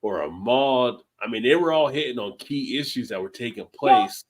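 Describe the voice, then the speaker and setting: A man's voice: mid-range voice, lively intonation, normal speed. A man hosting a casual livestream chat over beers, rambling and laid-back, swearing now and then. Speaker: livestream host.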